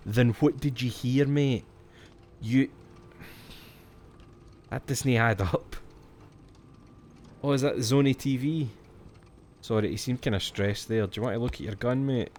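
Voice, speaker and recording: A man's voice: mid-range voice, moderate pace, pauses often, darkish tone, a little hiss or hum. A Scottish man chatting casually as he streams a horror game, jumpy and swearing when something startles him. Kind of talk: let's-play commentary.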